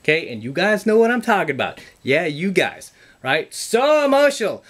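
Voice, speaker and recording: A man's voice: fairly high pitch, big pitch swings, moderate pace, a bit bright, slightly rough. A man giving a blunt, profane motivational talk to camera, lecturing his viewers over and over. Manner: emphatic, repetitive, blunt and profane; lecturing, calls the audience "guys". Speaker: self-improvement vlogger.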